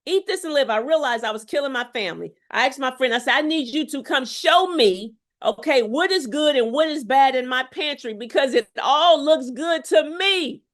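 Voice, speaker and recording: A middle-aged woman with a high, ringing voice, coaching an online audience on health. She talks with preacher-like emphasis, repeats her lines, and keeps checking that her listeners are with her. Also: lively intonation, normal speed, hardly any pauses, fairly bright tone. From Houston, Texas. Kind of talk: live health challenge talk to viewers.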